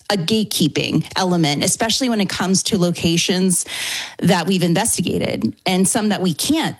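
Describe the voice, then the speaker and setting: Lively woman from New Orleans. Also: fairly low pitch, no echo. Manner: lively, quick to laugh. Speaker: paranormal investigator guest. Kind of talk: radio interview answers.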